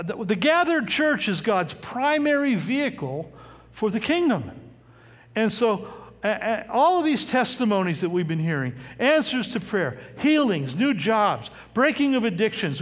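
Man preaching, high voice, very lively pitch, conversational, long echo of a church hall. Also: unhurried. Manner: animated, conversational preaching with rhetorical questions. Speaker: pastor. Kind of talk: sermon.

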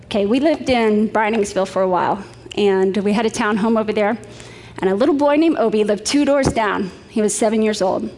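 A woman's voice: mid-range voice, brisk, darkish tone, big-room sound. A middle-aged woman preaching a sermon, telling stories in a chatty way with light laughs.

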